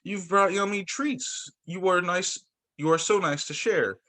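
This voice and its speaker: A man voicing a big, gentle, humble bear in a storybook, fretful and sighing. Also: sits high, measured pace, pitched above the performer's own voice. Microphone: video call.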